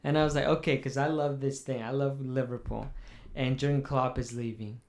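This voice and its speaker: A man's voice: mid-range voice, steady tone, a little fast, creaky. Rambling young man, swearing as he vents. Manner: rambling, profane, mock-mournful. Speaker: podcast host. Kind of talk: casual chat.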